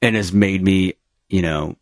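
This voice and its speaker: A man's voice: sits low, measured pace, no echo, studio quality. A man co-hosting a podcast in casual chat, rambling with many fillers and restarts over a remote call. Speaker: podcast co-host.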